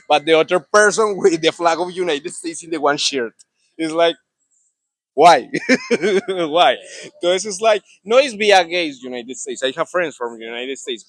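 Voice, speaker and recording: Young man, Colombian accent, native Spanish speaker, halting English, bright voice, dry close sound. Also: on the high side, no room sound. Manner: halting non-native English with many restarts. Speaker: interviewee. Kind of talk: casual interview talk.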